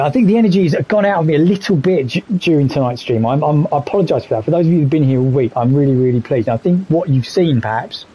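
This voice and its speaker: A man's voice: a little high, warm tone, low-quality recording. A man live streaming a game, talking candidly and reflectively while reading chat messages aloud. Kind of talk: casual gaming stream commentary.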